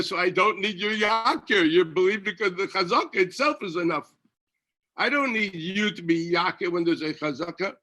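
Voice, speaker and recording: A man teaching a yeshiva Talmud class as a rabbi, animated, firing off rhetorical questions and often restarting his sentences. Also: high-pitched.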